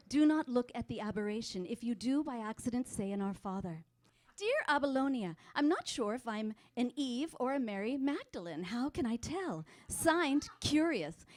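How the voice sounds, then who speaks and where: A woman's voice: fairly high pitch, natural voice. A woman playing a prim Spanish advice columnist. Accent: put-on Spanish accent. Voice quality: prim, sing-song, mock-pious. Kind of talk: character stand-up.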